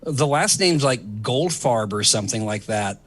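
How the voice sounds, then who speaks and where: A middle-aged man hosts a casual comedy talk show. He rambles with plenty of ums and uhs and laughs easily, and his pitch swings widely from line to line. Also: animated, unhurried, fairly bright tone. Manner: rambling, laughs often, many fillers. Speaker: host. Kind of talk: casual chat.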